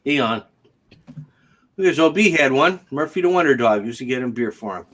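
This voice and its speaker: A man's voice: medium pitch, animated, fairly quick, fairly bright tone. A man hosting a casual livestream chat, joking and chatty and laughing often. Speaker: host.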